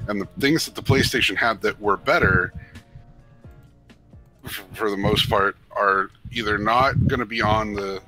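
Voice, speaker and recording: A man with a low voice and a bright, forceful tone offers wry opinions in a casual gaming chat. Faint music sits underneath. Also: a little slow, low-quality recording. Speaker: panelist.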